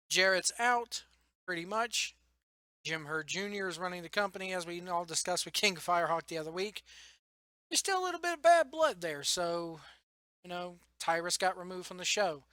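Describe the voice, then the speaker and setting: A young man rambling excitedly about wrestling news in a casual vlog, tired late at night and laughing often. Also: high voice, no echo. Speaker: wrestling vlogger. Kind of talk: casual solo commentary.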